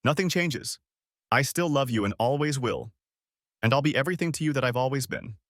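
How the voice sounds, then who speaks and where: A man's voice: medium pitch, animated, brisk, fairly bright tone, no room sound, studio quality, close to an everyday voice. A man reading a storybook part, voicing a composed adult woman who reasons in a restrained, slightly reproachful way. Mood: persuasive. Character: composed cheating wife, adult woman, coolly persuasive.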